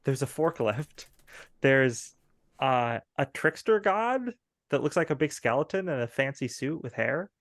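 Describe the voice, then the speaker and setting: A man's voice: mid-range voice, expressive, measured pace, no echo, clean studio sound. A man narrating as game master of a tabletop game, rambling with many fillers and laughing often.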